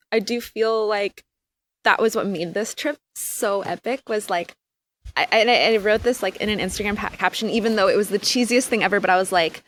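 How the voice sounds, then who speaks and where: A woman speaks as a podcast guest in a voice of ordinary pitch for her sex. She tells her story with animated energy and leans on "like" as a filler. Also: a little hiss or hum. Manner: animated, filler-heavy "like" speech. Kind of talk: casual storytelling chat.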